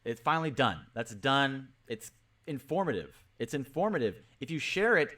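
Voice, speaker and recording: Very animated in a mid-range voice, this man hosts a casual crypto livestream at a normal pace. He keeps up a stream of cheerful, repetitive greetings and calls out viewers by name.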